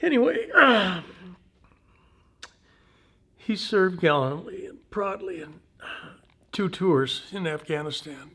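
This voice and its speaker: A man in his seventies, a veteran telling personal war stories in an interview, in an unhurried, halting, folksy way. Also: fairly high pitch. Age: 70s.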